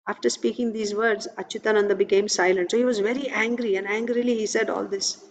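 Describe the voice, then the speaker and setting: A woman reading a devotional text aloud and pausing to explain it in her own words, with earnest emphasis. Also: medium pitch, steady tone, long reverb tail, poor audio. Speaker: scripture reader and teacher. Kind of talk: reading scripture aloud with commentary.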